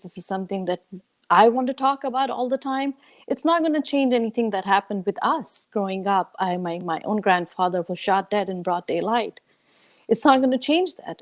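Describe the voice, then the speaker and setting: A woman from Kashmir giving an impassioned personal testimony as a conference panelist, halting and restarting as she speaks, over a video call. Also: medium pitch, darkish tone.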